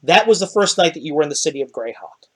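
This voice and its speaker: A man's voice: on the high side, animated, quick pace, fairly bright tone, slightly rough. A man narrating a tabletop game as dungeon master, rambling with many fillers.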